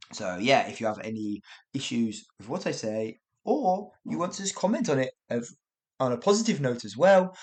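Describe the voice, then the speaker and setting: Guy teaching english, chatty, rambles and corrects himself, very lively up and down voice. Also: mid-range voice. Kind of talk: casual spoken English lesson.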